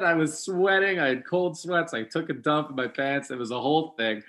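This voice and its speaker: Telling funny stories in a low-quality recording, a young New York comedian chats casually as a guest and acts out the voices of the characters. He's animated, with a fairly high voice that moves fairly quickly with hardly any pauses.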